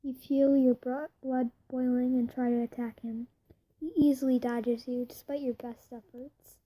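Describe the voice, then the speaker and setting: A woman narrating second-person fan fiction, reading slowly, with stumbles and self-corrections. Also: sits high, flat delivery, dark tone, poor audio. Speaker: reader.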